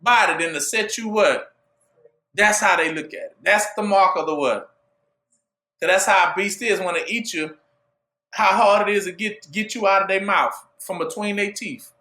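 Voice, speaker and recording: High, bright-voiced preacher in an echoey room. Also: male voice, normal speed. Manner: asks "what?" for the audience to fill in; rising to shouts at peaks. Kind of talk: call-and-response sermon.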